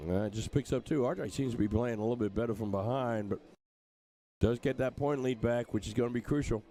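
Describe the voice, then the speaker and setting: A man's voice: mid-range voice, a little fast, dark tone. An older man from England commentating live on darts, in a chatty, joking way. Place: streaming booth at a dart tournament.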